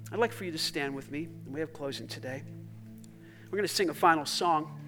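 A male pastor preaching a sermon to a congregation, swinging between fervent exclamations and hushed passages, with jokey asides. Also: a little high, brisk, soft background music.

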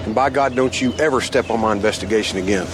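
A man's voice: on the low side, fast talker, over loud music, lightly acted. An actor playing a stern male detective in a TV crime drama clip, with tense, clipped lines. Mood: tense argument. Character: stern male TV detective arguing over a case. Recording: clip with loud background noise.

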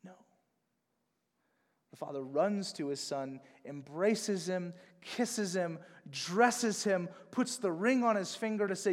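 A man preaching a sermon as pastor, emphatic, swinging between hushed and loud delivery. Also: high-pitched, slow pace, big-room sound.

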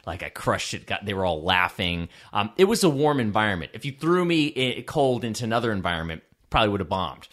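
Brief: low-pitched man, animated intonation, casual storytelling chat. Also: fast talker, hardly any pauses. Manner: lively storyteller, acts out quotes.

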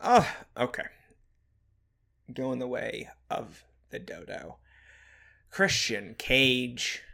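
A man's voice: mid-range voice, sing-song, drawn-out words, gravelly, sharp tone. A man hosting a casual podcast chat, reading out names and keeping the vote moving. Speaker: podcast host.

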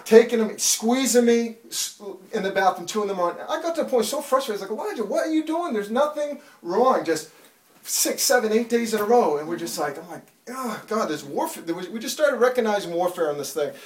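A man in his thirties giving a fervent testimony in church, building from storytelling to loud, pleading prayer. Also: high voice, animated, fast talker, hardly any pauses, roomy sound, distant mic. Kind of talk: preached testimony.

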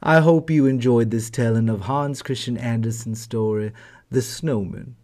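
A man narrating a fairy tale as host of a storytelling channel, gentle and affectionate. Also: medium pitch, moderate pace.

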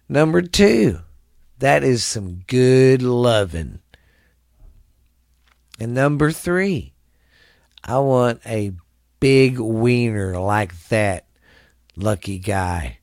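A man's voice: mid-range voice, animated, extremely slow, creaky, pauses often, a little mellow, no room sound, studio quality. A tired man hosting his own podcast in loose, rambling, crude casual chat, coughing and trailing off. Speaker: podcast host.

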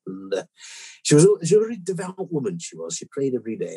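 A man's voice: mid-range voice, very animated, rapid-fire, a little mellow, husky. A man co-hosting a vet podcast, telling a long rambling anecdote with many restarts. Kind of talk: casual storytelling.

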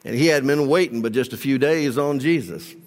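A man's voice: medium pitch, fairly quick, soft background music. A man preaching a sermon as pastor, leading his congregation in call-and-response and asking reflective questions. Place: large church sanctuary. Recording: long church hall reverb.

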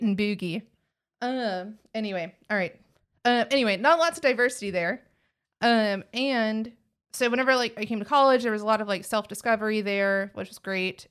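Young texan podcaster, rambly, lots of likes and restarts, smooth clean voice. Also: female voice, mid-range voice, fairly bright tone. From Texas. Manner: rambling, halting, many fillers and restarts. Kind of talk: casual podcast conversation.

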